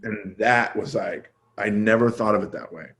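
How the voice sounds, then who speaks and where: A male comedian telling a story as a podcast guest, casual and self-deprecating, acting out quoted dialogue with his voice jumping up and down. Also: normal speed. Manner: animated, acts out quoted dialogue with jumps in pitch.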